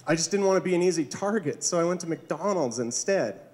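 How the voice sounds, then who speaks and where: Male stand-up comic, high voice, lively pitch, self-deprecating, comedy club stage. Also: moderate pace. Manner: awkward, self-deprecating, chuckles at own jokes.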